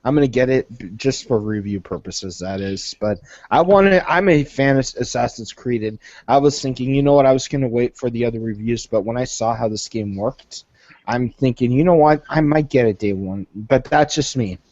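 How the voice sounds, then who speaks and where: A man's voice: medium pitch, normal speed, darkish tone, no echo. Hesitant man on a dry lo-fi call. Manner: hesitant, hedges opinions. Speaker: podcast co-host. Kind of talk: casual gaming chat.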